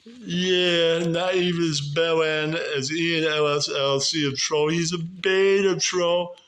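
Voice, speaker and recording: A New man hosting his own YouTube show, slinging crude roast insults. His voice sits a little high, and he keeps laughing at his own jabs. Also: steady tone, slow, a bit bright, clean tone, distant mic. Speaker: YouTube host. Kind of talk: casual roast rant and street interview.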